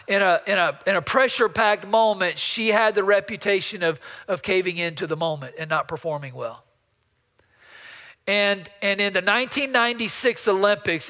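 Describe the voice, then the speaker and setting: A man's voice: high voice, sharp tone, big-room sound. A man preaching a storytelling sermon as pastor, often repeating words as he builds up a story. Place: church sanctuary.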